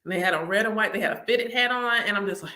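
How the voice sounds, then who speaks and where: A woman's voice: medium pitch, fast talker, sharp tone. A woman hosting her own channel, telling personal stories casually with lots of laughter and acted-out reactions. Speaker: channel host.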